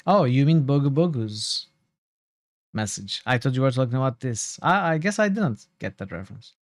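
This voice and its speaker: Male game streamer, mid-pitch voice, chatty and hesitant, casual commentary. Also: sing-song, normal speed, no echo. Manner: chatty, hesitant, reads game text aloud.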